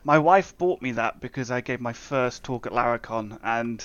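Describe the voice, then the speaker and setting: A man, a software developer guest, explaining his work in a relaxed, chatty way with plenty of fillers. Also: mid-range voice, moderate pace, no room sound. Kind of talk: casual interview chat. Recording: dull, dry, lo-fi sound.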